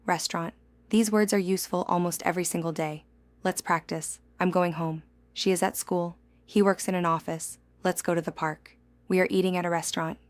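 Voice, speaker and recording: A woman teaching a scripted English lesson in a clear, measured, encouraging way. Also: mid-range voice, dry recording.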